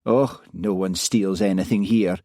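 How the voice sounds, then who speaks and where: A man voicing an easygoing village constable with a Scottish Highland accent, mild and polite. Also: fairly even intonation, measured pace, dark tone, no echo, clean studio sound.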